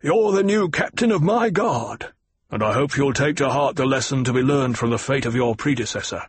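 A man's voice: mid-range voice, lively intonation, moderate pace, a little hiss or hum, natural voice. A man voicing a scheming, wary nobleman in a cold, controlled way in an audiobook. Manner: cold and controlled, a little raised.

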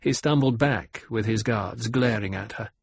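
Husky male audiobook narrator. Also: lowish voice, normal speed. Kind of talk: scripted narration.

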